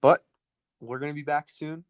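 A man co-hosting a casual sports podcast, running quickly through his betting picks. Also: a little high, fairly even intonation, clear, resonant tone, dry recording. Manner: rapid-fire, rattles through picks. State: out of breath.

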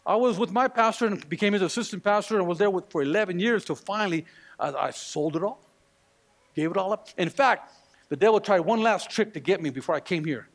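A man pastor preaching a sermon to a congregation, animated, acting out quoted voices and firing rhetorical questions at the room. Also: high voice, a little fast. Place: church before a congregation.

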